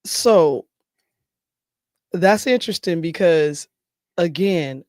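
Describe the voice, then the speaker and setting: Woman podcast host, blunt and animated, dry close mic. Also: fairly low pitch, slow, no room sound. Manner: blunt, animated, speaks with conviction. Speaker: show host. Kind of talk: casual podcast chat.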